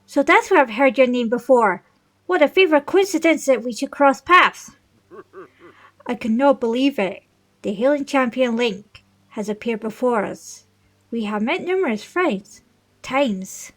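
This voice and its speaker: A woman reading the lines of an older male fish-folk king from a video game, formal and fatherly, in a fairly high voice at an unhurried pace. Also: expressive, fairly bright tone, full character voice. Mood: regal, welcoming.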